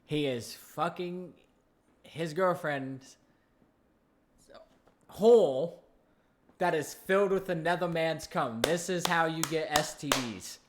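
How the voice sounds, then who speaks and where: Man, reaction commentator, sarcastic, incredulous, mocking, somewhat high voice. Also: slow, long pauses.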